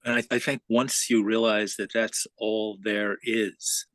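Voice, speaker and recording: Guy talking slow n halting in a spiritual group, dry close sound, keeps searching for words. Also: on the low side, little pitch movement, a bit bright, dry recording, low-quality recording. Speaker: participant.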